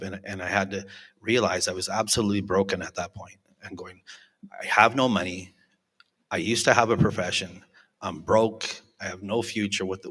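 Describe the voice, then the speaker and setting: A man's voice: low-pitched, fairly bright tone. A man in his forties giving a candid, self-mocking recovery testimony to a live audience, acting out the people he quotes. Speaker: recovery alumni speaker. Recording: reverberant hall.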